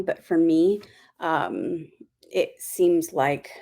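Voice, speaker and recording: A woman's voice: lowish voice, fairly even intonation, unhurried, warm tone. A woman giving a casual spiritual talk as host of her channel, rambling with many fillers and apologies.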